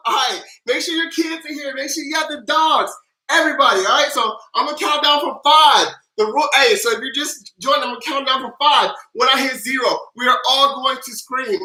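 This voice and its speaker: High bright-voiced hyped man in an echoey room. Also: a little fast. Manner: energetic, hyped chant leader, loud and playful. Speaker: livestream tax advice host. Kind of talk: casual livestream Q&A reading viewer questions.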